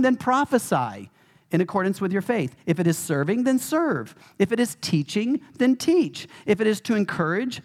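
Guy pastor giving a sermon, lively sing-song voice, emphatic, jokes around. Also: high voice. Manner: animated, emphatic preaching with humor.

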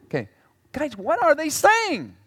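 A man preaches a sermon with a fairly high voice, jumping from loud exclamations to hushed asides. He is animated and drops jokes along the way. His voice carries the long reverb of a church hall. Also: normal speed. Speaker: pastor.

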